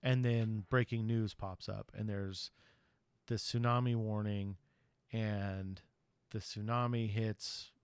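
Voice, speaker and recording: Here the host's voice is fairly low, smooth and steady as he slowly recaps a film. The podcast retelling is loose and chatty, heavy on ums and you-knows, and the audio has no echo.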